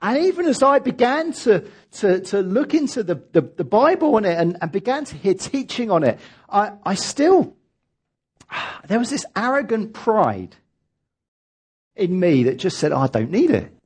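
A man's voice: high voice, big pitch swings, measured pace, breathy edge. A man preaching a sermon as pastor, emphatic and leading his congregation in reading aloud.

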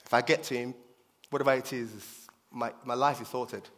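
A man's voice: mid-range voice, fairly even intonation, fairly quick, fairly bright tone. Emphatic male preacher in a reverberant hall. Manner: emphatic, repeats key phrases. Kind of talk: sermon.

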